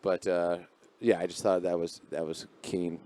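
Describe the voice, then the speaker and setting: A man's voice: deep voice, level tone, moderate pace, warm tone. A man co-hosting a podcast in a garage, telling stories in a rambling, profane, casual way. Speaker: podcast co-host.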